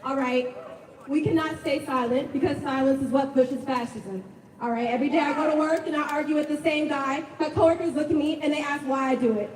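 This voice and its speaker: A woman with a high voice gives an impassioned speech at an outdoor rally. She sounds nervous but pushes on forcefully. The recording is echoey and distant, with a crowd and street noise all around. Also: brisk. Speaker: protest speaker.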